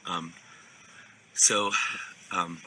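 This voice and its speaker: A man's voice: deep voice, level tone, drawn-out words, pushed and bright, a little hiss or hum, rough recording. A man, a preacher, casually telling a rambling story, repeating words and restarting sentences, filmed on a phone. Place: outdoors at a crowded event. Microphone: phone video.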